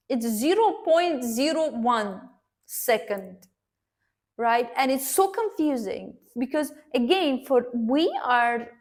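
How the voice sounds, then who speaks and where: A woman earnestly recounting a personal story to her viewers, addressing them directly and pausing to restart her sentences. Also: a little high, a little mellow. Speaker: vlogger sharing a personal story.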